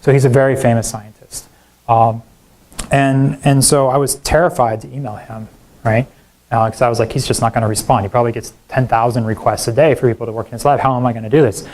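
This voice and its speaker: A man's voice: mid-range voice, quick pace. A middle-aged man, a professor, giving a public lecture full of self-deprecating stories and asides like "right?". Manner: animated storyteller, self-deprecating, frequent "right?" and "like". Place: university lecture hall.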